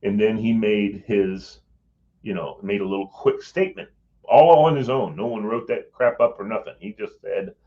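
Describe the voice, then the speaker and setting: A man's voice: lowish voice, normal speed, dark tone. Rambling man telling a story, lo-fi. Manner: rambling, swears, acts out quoted voices. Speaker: former Capitol Hill staffer telling a story. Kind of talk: casual storytelling. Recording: dull lo-fi audio.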